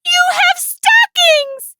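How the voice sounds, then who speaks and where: A woman doing a squeaky tiny storybook mouse. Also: animated, extremely slow, loud music behind the voice, heavily acted. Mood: squeaky pleading. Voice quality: high squeaky voice. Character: tiny timid male mouse, wistful.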